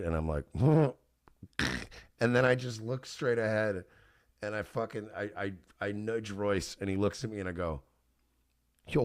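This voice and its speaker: Guy with a lowish voice telling a wild story on his show, laughs a lot, swears, dry close mic. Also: no echo. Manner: animated, laughing often, swearing. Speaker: radio show host. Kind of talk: casual storytelling.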